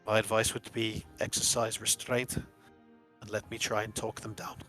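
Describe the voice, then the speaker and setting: A man puts on a large, heavy-stepped Nordic warrior for a tabletop game. The voice sits low and flat but has a bright edge. He talks in a measured, formal, grave way. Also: soft background music, close to an everyday voice. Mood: stern.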